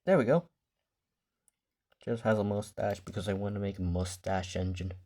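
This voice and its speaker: A man's voice: on the low side, normal speed, warm tone. A man casually showing his toy collection in a vlog, rambling off the cuff and swearing when the camera loses focus. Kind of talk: casual show-and-tell vlog.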